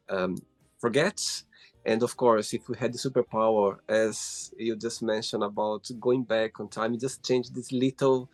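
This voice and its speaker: A man's voice: fairly low pitch, darkish tone, dry recording. Male interview host, dry close sound. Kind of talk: conversational interview.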